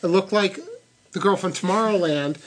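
A woman's voice: mid-range voice, normal speed. A middle-aged woman behind the camera, teasing and prompting the host with questions. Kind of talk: casual chat behind the camera.

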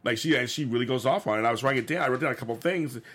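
Fast-talking man recapping a TV episode. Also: medium pitch, a bit bright, husky. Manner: rambling, lots of restarts and fillers. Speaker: podcast co-host. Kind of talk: casual TV recap chat.

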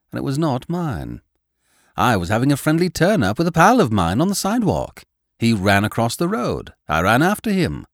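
A man's voice: fairly high pitch, no echo, pitched above the performer's own voice. A man narrating as a wry scruffy dog. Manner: dry, wry storytelling. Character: easygoing scruffy male dog telling his story. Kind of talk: audiobook narration.

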